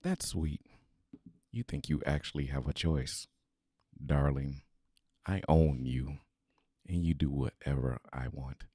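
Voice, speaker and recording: Villain read: a man voicing a smooth, controlling baddie, very deep, slow and dark. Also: dry recording, studio quality, exaggerated voice. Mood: cold menace. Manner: slow, soft-spoken menace. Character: calm possessive male villain, smooth and controlling. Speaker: voice actor submitting an audition.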